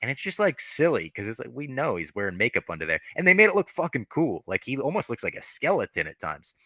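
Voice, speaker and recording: Excited swearing man reviewing movies. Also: mid-range voice, quick pace, no echo. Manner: enthusiastic, profane, rambling. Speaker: podcast host. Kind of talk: casual movie review chat.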